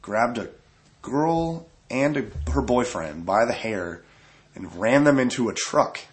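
A man's voice: mid-range voice, lively intonation, takes it slowly. A man casually telling a profane, rambling story about a fight on tour. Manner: profane, laid-back, rambling.

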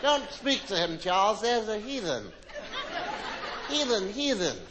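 A man's voice: high voice, big pitch swings, measured pace, background noise, pitched below the performer's own voice. A man voicing a pompous upper-class Englishman, prim and clipped, over a laughing live crowd. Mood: sniffy. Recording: live comedy show with audience laughter.

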